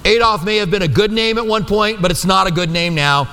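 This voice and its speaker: A male pastor delivers a conversational sermon in a church with long hall reverb, often asking the room for agreement. His high-pitched voice is brisk, bright, and forceful.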